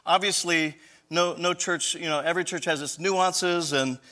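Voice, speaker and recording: A man's voice: on the high side, fairly even intonation, moderate pace, bright, forceful tone. A man giving a live conference talk on church leadership, lecturing conversationally with rhetorical questions and frequent self-corrections.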